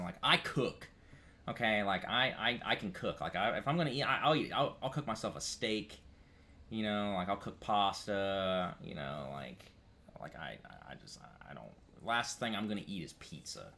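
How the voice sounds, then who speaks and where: Chatting casually with his chat, a man from upstate New York rambles, restarts sentences, swears a lot and calls everyone "dude." When he gets worked up, his voice climbs high and loud.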